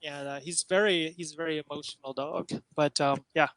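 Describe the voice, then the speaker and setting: High, bright-voiced chatty man. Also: steady tone, brisk, dry recording. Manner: chatty, laughing, acts out what the dog is thinking. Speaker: host. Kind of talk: casual chat.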